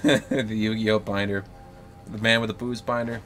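A man's voice: on the low side, level tone, moderate pace, a bit bright, soft background music. A man live-streaming a video game, talking through his play in an exasperated, jokey way.

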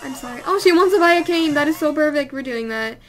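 Over music, a young woman talks fast in a high voice with lively intonation while playing a life-sim game. As a let's play host giving casual commentary, she chats, exclaims, and scolds the characters.

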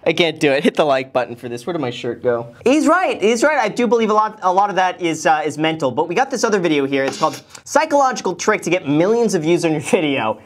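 A man hosting a casual reaction video, animated and joking, with mocking asides. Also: on the high side, fast talker, hardly any pauses, a little hiss or hum. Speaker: host, finance YouTuber.

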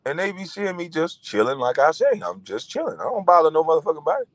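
A man in his forties delivers a profane rant in a raised, bright voice that swings widely up and down. He is mocking and animated. The sound is dry and close. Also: a little high, quick pace, dry recording, rough recording. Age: 40s. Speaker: vlogger. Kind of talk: profane ranting monologue.

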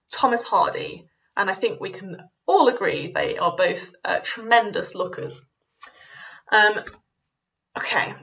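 A woman giving a university lecture on poetry, reading verse aloud with lively emphasis and making light, self-mocking asides. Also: medium pitch, recorded from a distance, poor audio.

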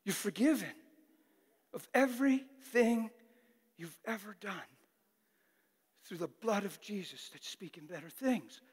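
A man preaching a fervent, exhorting sermon that bursts into shouting, in a church. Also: high voice, lively intonation, unhurried, long pauses, breathy edge, in a large hall.

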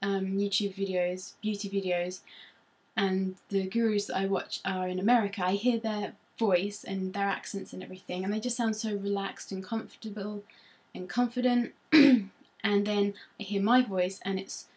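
A woman's voice: medium pitch, level tone, normal speed, a little mellow. A young woman from Norfolk with a Norfolk English accent, chatting casually to camera at home as a beauty vlogger, rambling and self-conscious with many ums. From Norfolk, England.

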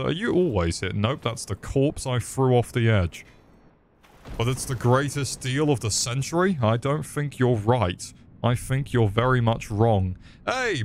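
A man streams a game in loose, sweary commentary. He jokes with his viewers in a mid-range voice, over a faint background hiss. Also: mid-range voice. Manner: swearing, joking, chatting to viewers. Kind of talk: casual gaming commentary.

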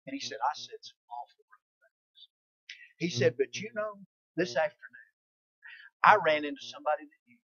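Middle-aged preacher guy, husky, lively up-and-down voice, kinda muffled dry sound. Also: a little high, no room sound. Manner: folksy and emphatic, calling "Amen?" to the room; rises to loud exclamations, drops to a near whisper. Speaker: preacher and Bible institute teacher. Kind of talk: sermon-style classroom teaching with a story.

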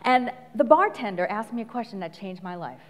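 A middle-aged woman coach giving an animated live talk full of stories, laughing often and acting out quotes. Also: mid-range voice, quick pace, long reverb tail. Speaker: speaker and coach. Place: large venue before an audience.

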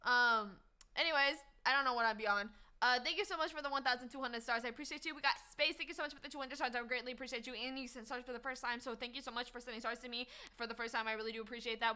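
A woman live streamer chatting casually with her viewers, upbeat and slangy as she shouts them out one by one. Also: a little high, steady tone, very fast, smooth.

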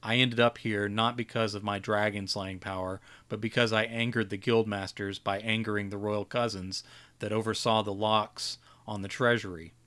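A jaded old wizard, read by a man, grumbles through a dismissive lecture in a lowish voice. He sounds worn out and gruff, with little patience left. It is a plain storybook reading. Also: little pitch movement, normal speed, bright, forceful tone. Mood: weary.

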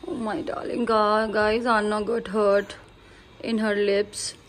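A woman in her thirties with an Indian English accent, chatting and coaxing as a mother in a casual family vlog, mixing English with Hindi and soothing gently. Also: medium pitch, flat delivery, slow pace. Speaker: vlogger mother. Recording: faint background noise.

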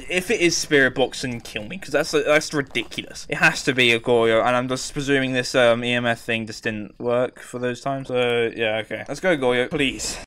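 A man's voice: medium pitch, expressive, a little fast, hardly any pauses, fairly bright tone, slight background noise. A young man giving jittery, jokey commentary while playing a horror game, often talking to himself. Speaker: gaming streamer. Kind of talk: live gameplay commentary.

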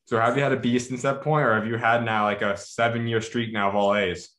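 A man hosting an interview, asking quick, prepared questions. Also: mid-range voice, flat delivery, fairly bright tone, roomy sound. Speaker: podcast host.

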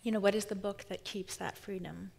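A woman's voice: mid-range voice, steady tone, brisk, gravelly, darkish tone. A woman novelist in her thirties speaking onstage in a live conversation, thoughtful and searching, often restarting her sentences. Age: 30s. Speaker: novelist guest.

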